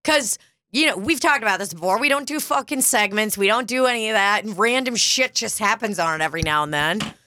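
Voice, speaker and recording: A woman's voice: medium pitch, lively intonation, fairly quick, bright, forceful tone, no echo, clean studio sound. A woman co-hosting a comedy podcast, chatting casually, laughing often and swearing freely. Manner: giggly, swears freely, breaks into silly voices. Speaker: podcast co-host.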